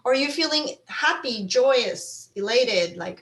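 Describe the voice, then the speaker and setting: A woman's voice: on the high side, a little slow, few pauses. Encouraging woman giving a wellness talk. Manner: encouraging, conversational, animated when acting out feelings. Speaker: mental health speaker. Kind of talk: online panel talk.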